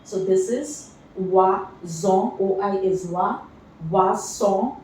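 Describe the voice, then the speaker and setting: Female language trainer, very slow and deliberate, echoey room, mic at a distance. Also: mid-range voice, a little mellow. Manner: spells out letters and repeats example words. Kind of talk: slow pronunciation lesson.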